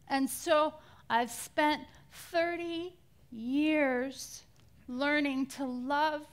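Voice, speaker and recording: A woman's voice: high-pitched, fairly even intonation, takes it slowly. A woman giving an inspirational Christian talk at a conference, dramatic and dropping to near-whispers at times. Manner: dramatic, drops to near-whispers for quoted words. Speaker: conference speaker.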